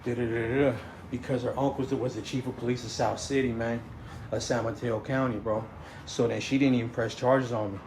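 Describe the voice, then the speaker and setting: A man's voice: mid-range voice, fairly even intonation, brisk. A man, telling a story in a rambling way, stammering and restarting, saying "you know what I'm saying" over and over. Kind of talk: casual storytelling. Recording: echoey room, faint noise.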